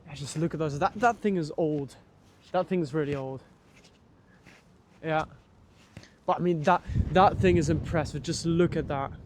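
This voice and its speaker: A young male travel vlogger walks through a large war memorial park outdoors, offering casual commentary that rambles with many restarts and fillers. His voice is a little high, his pace moderate with frequent pauses, and there's a slight hiss or hum in the recording.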